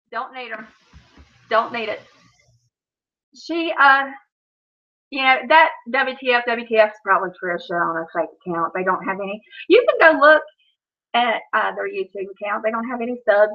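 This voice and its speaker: A woman vlogger talking casually to her viewers on a stream, rambling with lots of "you know" and restarts, and laughing between words. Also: medium pitch. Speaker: YouTube vlogger on a live stream. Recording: dull lo-fi audio.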